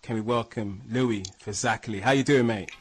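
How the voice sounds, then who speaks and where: A man's voice: on the low side, normal speed, breathy edge. A man hosting a casual sports podcast, full of laughing, hyped banter. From England. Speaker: podcast host.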